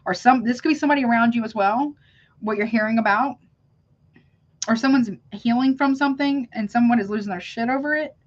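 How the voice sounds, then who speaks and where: A woman's voice: fairly high pitch, a little fast, dull audio. A woman giving a live tarot reading, talking casually to her viewers and calling them honey. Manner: chatty, calls viewers honey, self-interrupting. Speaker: tarot reader.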